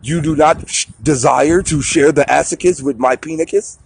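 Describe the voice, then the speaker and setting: A man's voice: on the high side, normal speed, creaky, slight background noise. A man putting on a crude pompous king. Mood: mock regal. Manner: mock-royal, bossy, profane. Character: crude pompous male king demanding obedience.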